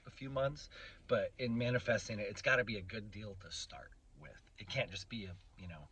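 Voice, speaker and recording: Husky-voiced man rambling in a vlog. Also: fairly low pitch, poor audio. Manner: halting, emotional, many restarts and fillers. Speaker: vlogger.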